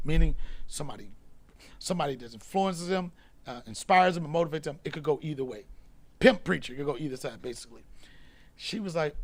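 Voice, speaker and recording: A man hosting a comedy podcast, telling animated stories in a casual chat, dropping loud then hushed. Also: a little high, brisk.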